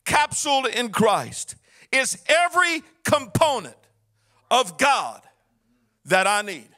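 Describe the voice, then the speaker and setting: A man preaching as pastor, swinging from a low murmur to high, chanted shouting in a sing-song cadence. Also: sing-song, slow. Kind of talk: sermon.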